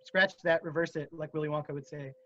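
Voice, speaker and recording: A man's voice: fairly high pitch, quick pace, highs cut off. A man from Phoenix, Arizona, a musician guest telling stories in a casual interview and acting out the voices he quotes. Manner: animated storyteller, acts out quoted voices.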